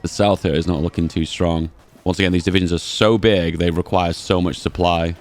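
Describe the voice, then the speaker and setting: Deep-voiced man chatting through a strategy game. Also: fairly quick, faint music behind. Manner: chatty, thinks aloud, excitable reactions. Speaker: gaming channel host. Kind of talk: casual strategy game commentary.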